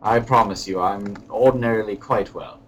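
Brief: man playing a low-voiced, hiccup-plagued posh British lord, put-on accent, rambling, slight background hiss. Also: fairly even intonation, normal speed, fairly bright tone, natural voice, low-quality recording. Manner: rambling, hesitant, genteel phrasing. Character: pompous British lord, middle-aged man, fussy. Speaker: podcast co-host. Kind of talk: comedic podcast character chat.

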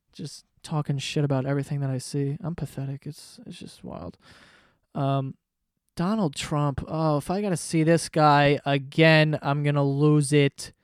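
A man's voice: on the high side, clear, resonant tone, no room sound. Male podcast host, profane and sarcastic rambler, dry close recording, resonant tone. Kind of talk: casual comedic rant.

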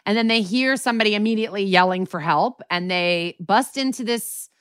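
A woman's voice: medium pitch, a little fast, a bit bright, smooth, no room sound, studio quality. Chatty, profane woman recapping a TV episode. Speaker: podcast co-host.

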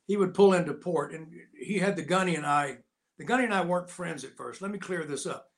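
A man in his sixties, an interview guest telling animated, folksy anecdotes in a casual way. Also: a little high, a little fast. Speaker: interview guest, actor and Navy veteran.

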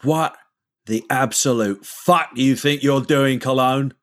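A man's voice: medium pitch, a little slow, pitched above the performer's own voice, close to an everyday voice. A man voicing a furious, foul-mouthed male crime-house boss, snarling threats during a tabletop game. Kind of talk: tabletop game role-play.

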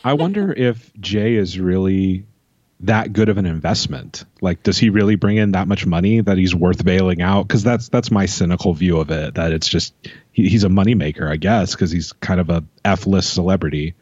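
A man's voice: low-pitched, moderate pace, darkish tone, breathy edge, dry recording, dull audio. A man co-hosting a podcast in casual chat, sarcastic and swearing freely. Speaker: podcast co-host.

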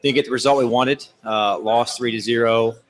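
A man who coaches soccer, guesting on a casual talk show and answering in a measured, plain way. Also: mid-range voice, steady tone. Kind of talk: interview answers.

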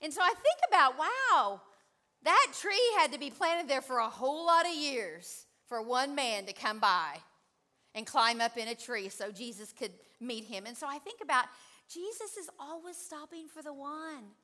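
Woman preacher, high and bright, playful call-and-response delivery. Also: lively intonation, normal speed. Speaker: pastor. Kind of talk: sermon.

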